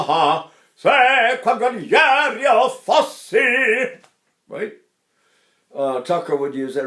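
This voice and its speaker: A man's voice: mid-range voice, reverberant. An older male voice teacher giving a rambling, chatty lesson on singing technique, often breaking into short sung vowel demonstrations.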